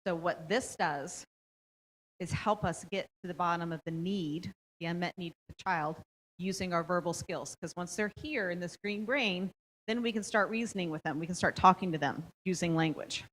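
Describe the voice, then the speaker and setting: A woman's voice: on the low side, normal speed, fairly bright tone, low-quality recording. A middle-aged woman presenting a parenting workshop, explaining step by step and often checking in with "okay?". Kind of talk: instructional presentation.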